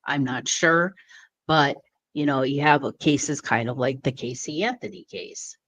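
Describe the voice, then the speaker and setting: A woman from Minnesota, USA, with a Minnesota accent chats casually as a radio guest on a remote call, laughing often. Her voice is rumbling low and a bit bright at a measured pace. The dry recording comes through a remote call mic with dull, distant call audio.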